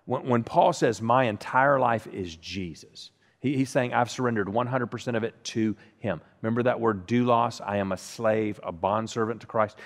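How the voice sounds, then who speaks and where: A man's voice: mid-range voice, normal speed. A man preaching a sermon as pastor, often stuttering and repeating words as he starts a line. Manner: stammers and repeats the first sounds of words. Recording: long hall reverb.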